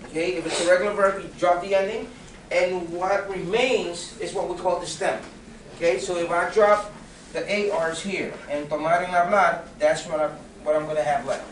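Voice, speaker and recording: A man with a high voice gives a Spanish grammar lesson at a normal speed and with fairly even intonation. The mic is across the room, so the classroom sounds echoey and there's slight background noise. He stays patient, frequently checking in with "okay?" and questions.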